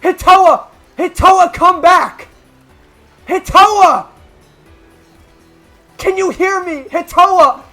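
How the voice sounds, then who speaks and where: A performer voicing a hot-headed, defiant young male film director in a game dub, talking loud and forceful. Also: mid-range voice, expressive, takes it slowly, few pauses, faint music behind. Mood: desperate shouting. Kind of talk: dramatic video game voice-over reading.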